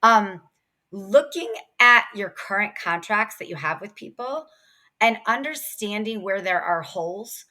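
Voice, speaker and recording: A woman in her thirties chatting as a podcast guest. Her voice is bright and a bit tense, and her delivery is lively and quick. She gives practical sales tips in an easy, talkative way. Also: medium pitch. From Ohio. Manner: energetic, quick, chatty with laughs. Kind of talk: casual interview chat.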